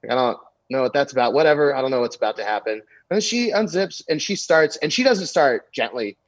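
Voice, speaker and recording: Fast and filler-heavy, a young male comedian shares a crude anecdote as a podcast guest, telling it with lively energy in a mid-range voice. There's no room sound, leaving the recording dry and somewhat dull.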